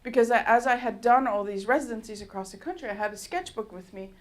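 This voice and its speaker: A woman artist from Canada giving a public talk in a university lecture hall, telling stories in a lively, storytelling way and often laughing. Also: fairly high pitch, fast. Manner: animated storyteller who laughs often and acts out dialogue.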